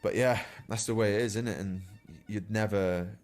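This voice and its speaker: A professional cyclist who regularly appears on a podcast chats casually about pro cycle racing in a fairly low voice at a moderate pace. His storytelling is relaxed and anecdotal, often punctuated by chuckles at his own tales, while faint music plays behind him.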